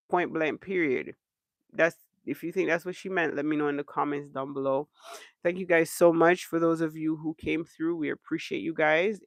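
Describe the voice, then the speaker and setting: A man hosts a casual livestream rant, exasperated and emphatic, circling back over his points. His voice sits fairly high with a gravelly rasp. The sound is dry and close, with no room echo. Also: fairly bright tone. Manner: exasperated, emphatic, repeats himself for effect. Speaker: livestream host.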